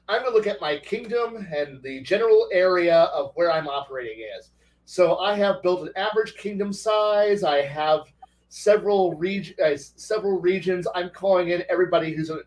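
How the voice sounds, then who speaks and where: A man's voice: high voice, recorded from a distance, poor audio. A man chatting casually about tabletop games, telling a rambling, profane story. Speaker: co-host.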